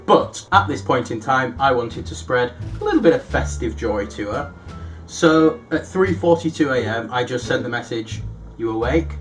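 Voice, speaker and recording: A man's voice: normal speed, soft background music. Self-deprecating young man vlogging. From United Kingdom. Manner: self-deprecating, animated, reads out his own messages with rising pitch. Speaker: YouTuber. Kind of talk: casual vlog storytelling.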